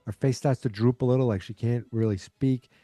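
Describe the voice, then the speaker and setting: A man's voice: medium pitch, fairly even intonation, a little fast, mellow, no echo. A man hosting a podcast, casually recapping an episode in a rambling way full of fillers. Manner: rambling, filler-heavy retelling. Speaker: podcast host.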